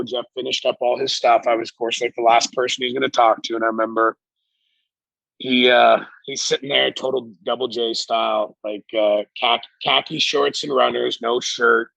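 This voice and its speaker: A middle-aged man, a podcast guest, telling animated stories with a lot of swearing and acted-out quotes. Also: mid-range voice, gravelly, dry recording. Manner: animated, profane, acts out quotes. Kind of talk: casual storytelling. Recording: dull lo-fi recording.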